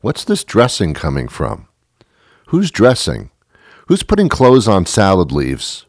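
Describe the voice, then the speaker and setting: Deep-voiced man ranting sarcastically. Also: wildly swooping pitch, unhurried, no echo, clean studio sound. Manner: rambling, sarcastic, self-mocking rants. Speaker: podcast host. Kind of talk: comedic monologue.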